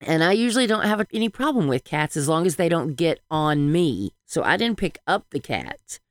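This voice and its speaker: A woman with a Southern accent co-hosting a podcast, chatting in a rambling, animated way. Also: low voice, moderate pace, no room sound, clean studio sound. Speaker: podcast co-host. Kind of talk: casual fan chat.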